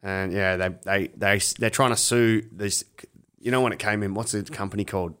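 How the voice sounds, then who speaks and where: A man's voice: fairly low pitch, steady tone, normal speed, a bit bright, clean tone. A young Australian man co-hosting a casual betting podcast, sweary and laughing often. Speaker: podcast co-host. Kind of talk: casual sports betting chat.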